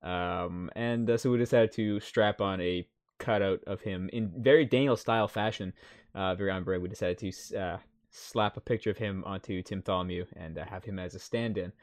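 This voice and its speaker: A man's voice: low-pitched, normal speed. A man hosting a casual podcast and wrapping up the episode, rambling and repeating words as he talks. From Canada. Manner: rambling, repeats words while closing the show. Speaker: podcast host.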